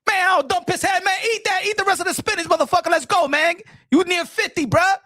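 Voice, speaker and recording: A man's voice: extremely high pitch, fairly even intonation, quick pace, bright, forceful tone, no echo, clean studio sound. A man hosting a casual reaction commentary, ranting in a mocking, profane way. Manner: profane, mocking, laughing rant. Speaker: commentary channel host.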